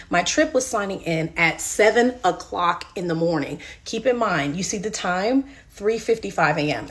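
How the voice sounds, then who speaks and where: A young woman vlogger telling a personal story in a chatty, animated way, talking straight to her viewers. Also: mid-range voice. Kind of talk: storytime vlog.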